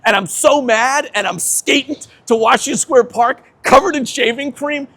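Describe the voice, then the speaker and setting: A man in his fifties, a veteran skateboarder telling an animated story, laughing often and swearing casually. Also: very high-pitched, moderate pace.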